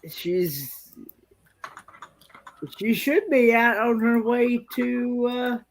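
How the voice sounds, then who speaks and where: Man, high voice, slow-spoken, hesitant, brief casual remarks. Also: a little hiss or hum. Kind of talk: casual chat.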